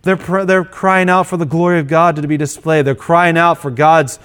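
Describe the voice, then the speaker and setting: A man's voice: a little high, steady tone, moderate pace, fairly bright tone, clear, resonant tone. A male pastor preaching an earnest sermon, often repeating and restarting his phrases.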